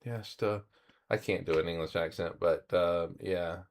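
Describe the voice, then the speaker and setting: A man with a very deep voice chats on a podcast. He makes dry, wry remarks at an unhurried pace. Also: steady tone. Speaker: podcast co-host. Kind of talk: casual chat.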